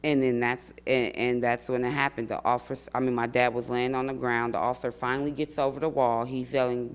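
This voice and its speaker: An earnest young man tells what happened in a steady, measured voice, going back over his words to stress them. His pitch sits in the ordinary middle range for a man. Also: clean tone. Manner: earnest, measured, repeats himself for emphasis. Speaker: family member telling his account. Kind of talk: recounting in an interview.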